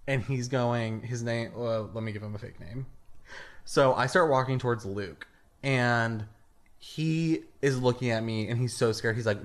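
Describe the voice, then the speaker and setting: A young man co-hosting a comedy podcast, telling a story in a casual, animated way and laughing through it. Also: medium pitch, unhurried. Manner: animated, laughs through his stories, acts out quotes. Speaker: podcast co-host.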